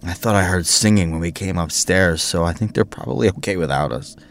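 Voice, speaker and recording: An actor playing a nervous, tipsy young priest who rambles in a flustered way. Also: male voice, low-pitched, brisk, gravelly, slight background noise. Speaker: Father Montgomery, a priest.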